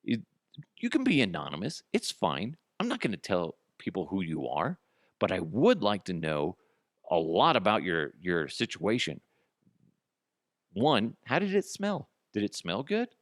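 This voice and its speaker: A man hosting a solo comedy podcast, ranting in a profane, animated way and acting out both sides of conversations. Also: low-pitched, measured pace, no room sound, clean studio sound. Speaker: podcast host.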